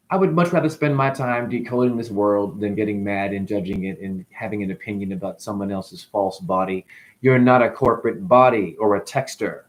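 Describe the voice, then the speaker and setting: A spiritual vlogger delivers a free-flowing monologue on his channel, calling the listener honey. He speaks animatedly at normal speed, with sudden jumps in pitch and loudness as he swings between loud bursts and whispers.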